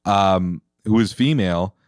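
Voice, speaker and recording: A man's voice: sits low, a little slow, clear, resonant tone, dry recording, studio quality. A young man co-hosting a podcast, telling loose stories in a casual chat and laughing through his lines. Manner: loose storytelling, laughs through lines, says "dude" a lot. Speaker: podcast co-host.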